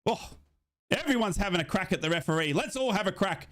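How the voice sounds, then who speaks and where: Excitable man commentating a live match. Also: quick pace. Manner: excitable, voice jumps high in big moments; chatty, reads out and answers viewer comments. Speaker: football fan commentator and streamer.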